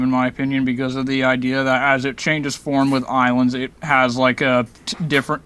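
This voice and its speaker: A man's voice: mid-range voice, fairly bright tone. A young man sharing opinions casually in a group review, loose and full of fillers. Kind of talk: casual group chat over a voice call.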